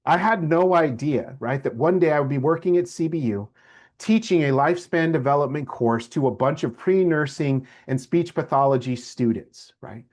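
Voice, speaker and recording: A middle-aged man lectures at a moderate pace in a somewhat high voice, telling his class a personal story and animatedly imitating the people he quotes.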